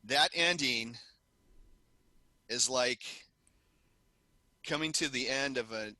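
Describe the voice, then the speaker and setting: A man co-hosting a rock podcast, telling stories in an animated, laughing casual chat. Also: mid-range voice, slow, no echo. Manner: animated storyteller, laughs often. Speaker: podcast co-host.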